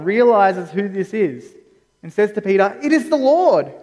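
A man with a high voice gives a relaxed, conversational sermon and keeps turning to his listeners with questions. The long reverb of a church hall trails behind every phrase. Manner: conversational, asks the congregation questions. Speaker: preacher.

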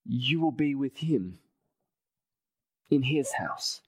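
A male preacher delivers a sermon at a slow, deliberate pace, leaning on repetition and sinking to a near-hush for emphasis. His voice sits at an ordinary middle pitch and is recorded dry and close, with no room sound. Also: animated, breathy edge, no echo, poor audio.

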